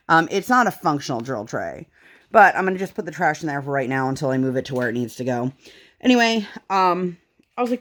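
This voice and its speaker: A woman in her thirties chatting casually while she crafts, acting out the people in her story with big jumps in her voice. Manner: animated storytelling, acts out dialogue with big pitch jumps. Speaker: craft vlogger.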